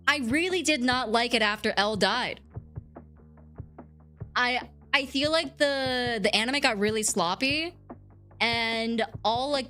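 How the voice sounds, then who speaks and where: A woman's voice: on the high side, a bit bright. A woman streamer chatting casually with her viewers, rambling and giggling as she answers chat.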